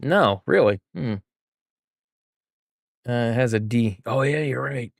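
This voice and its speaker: A man's voice: mid-range voice, slow, creaky, dry recording, clean studio sound, soft background music. A man streaming a game, chatting with viewers and thinking aloud as he works through a puzzle. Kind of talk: casual live gameplay chat.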